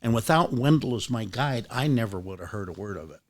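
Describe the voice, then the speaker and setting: With lively intonation and a fairly quick pace, this older male book club guest, who deals in rare books, spins rambling anecdotes in a lowish voice. The storytelling chat is casual, full of restarts and offhand swearing.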